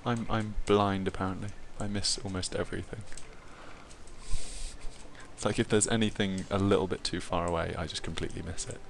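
An English man with a fairly low voice talks through a video game session with friends. His speech is chatty and joking, full of likes and restarts, with a faint hiss behind him. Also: fairly even intonation, vocal fry. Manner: chatty, quick to joke, many likes and restarts. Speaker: player. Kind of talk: casual chat while playing a video game.

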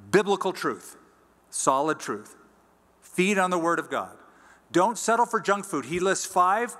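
A man preaching a sermon as pastor, teaching in a conversational way and reading scripture aloud slowly. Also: on the high side, sharp tone, in a large hall. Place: church sanctuary.

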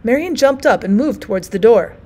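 A woman teacher reading a short story aloud in an expressive audiobook narration. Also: fairly high pitch, a little fast.

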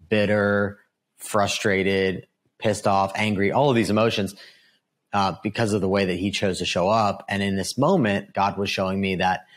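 Middle-aged male guest, deep voice, earnest testimony with lots of "you know" and "right?". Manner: earnest storytelling, frequent fillers and "right?" asides. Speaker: guest, author. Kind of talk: personal testimony in a podcast interview.

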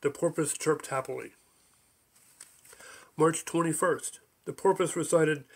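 A man's voice: medium pitch, moderate pace. A man reading his own absurd story aloud, slipping in small voices for its many odd creatures. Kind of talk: audiobook narration.

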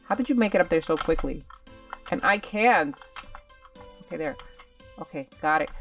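A woman's voice: lowish voice, huge pitch swings, takes it slowly, gravelly, long pauses, fairly bright tone, far from the mic, soft background music. A young woman doing casual game commentary, chatty and dramatic, talking straight to her viewers while she plays. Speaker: gaming channel host.

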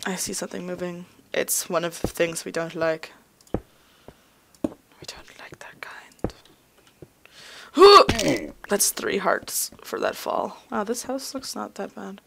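Gravelly-voiced young woman rambling through gameplay. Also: on the low side, lively intonation, moderate pace, few pauses, slight background noise. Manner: rambling, chatty, talks to herself while playing. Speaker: gaming video host. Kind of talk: casual gameplay commentary.

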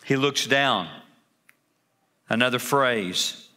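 A man's voice: on the high side, expressive, unhurried, sharp tone. A man preaching an Easter sermon in a church service, emphatic, with rhetorical questions and repeated phrases. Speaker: pastor.

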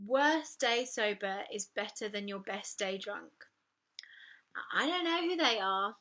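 Young adult woman, vlogger; bright, clear voice, candid, wry, loose with ums. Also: mid-range voice. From United Kingdom. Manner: candid and self-mocking, with frequent ums. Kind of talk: casual personal vlog to camera.

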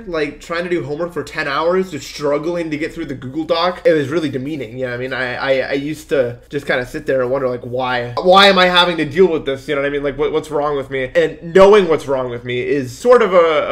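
A young man chatting candidly and rambling while he streams a game, sometimes counting beats under his breath. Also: fairly high pitch. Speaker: gaming streamer. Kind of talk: casual livestream chat while playing.

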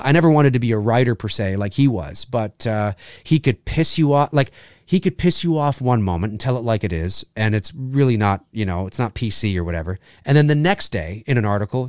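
A man's voice: mid-range voice, darkish tone, no room sound, clean studio sound. A man in his forties from Canada hosting a casual live chat show, rambling, repeating himself and swearing casually.

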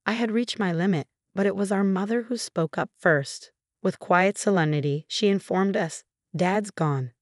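A woman reading a first-person story as scripted narration, in an even, measured way. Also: mid-range voice, no echo, studio quality.

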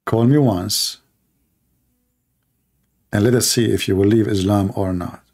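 A man's voice: fairly low pitch, fairly even intonation, unhurried, darkish tone. A man hosting a live call-in stream, mocking and repeating his phrases as he talks to callers and the audience.

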